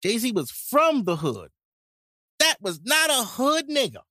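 A man co-hosting a casual podcast, joking crudely and bantering with big animated swings. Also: very high voice, slow, no room sound, studio quality. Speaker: podcast co-host.

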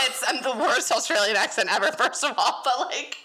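A woman co-hosting a podcast, chatting casually in an animated way and laughing often. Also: a little high, unhurried, pauses often, background noise. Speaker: podcast co-host. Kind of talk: casual chat.

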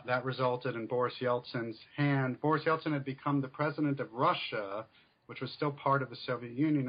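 A man of middle pitch explains his points in a measured, academic way and fills his pauses with "uh" and "um". The audio is dull and lo-fi, like a podcast interview recorded over a modest connection. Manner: measured, explanatory, many fillers. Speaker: author and scholar guest.

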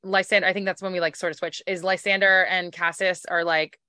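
A woman hosting a podcast in casual book-club chat, animated and laughing often, swearing freely. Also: fairly low pitch, a little fast, clear, resonant tone, no echo, clean studio sound. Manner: animated, laughing, swearing, puts on silly voices. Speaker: podcast host.

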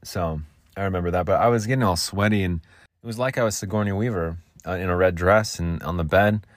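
A man's voice: low-pitched, brisk, dry recording, studio quality. Rambling goofy man hosting a podcast. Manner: goofy, rambling, jokey asides. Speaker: podcast host. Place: makeshift home vocal booth.

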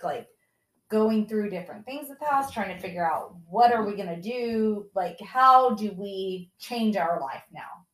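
A woman's voice: medium pitch, a bit bright, reverberant. A woman in her forties, a mother candidly telling a family story in casual chat, full of "like" fillers. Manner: candid, emotional, many "like" fillers.

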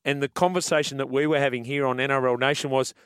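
A man hosting a sports radio show, moderating the panel briskly. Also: mid-range voice, fairly even intonation, fairly bright tone, clean tone, no echo, clean studio sound. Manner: brisk, moderating, reads ads. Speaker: radio host.

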